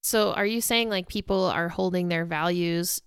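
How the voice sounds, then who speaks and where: A woman's voice: fairly low pitch, normal speed, clear, resonant tone, no room sound, studio quality. A woman co-hosting a casual discussion, asking follow-up questions and using "like" often. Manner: questioning, says "like" a lot.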